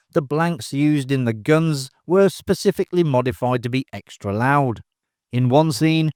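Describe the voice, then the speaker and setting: A man narrating a movie trivia video in an even, measured scripted delivery. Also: fairly high pitch, clean tone, dry recording, studio quality.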